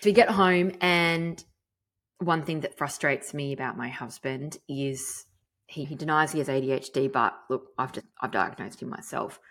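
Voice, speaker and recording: A woman's voice: a bass voice, moderate pace, a bit bright. An Australian woman hosting a podcast, telling a personal story in a chatty, candid way with the odd casual swear. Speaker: podcast host.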